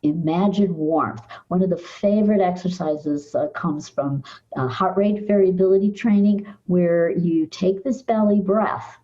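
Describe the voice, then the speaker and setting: An older woman psychologist, a podcast guest, calmly guiding listeners through mind-body exercises. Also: fairly low pitch, dull audio. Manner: calm, measured, guides listener through exercises. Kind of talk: podcast interview, explaining techniques.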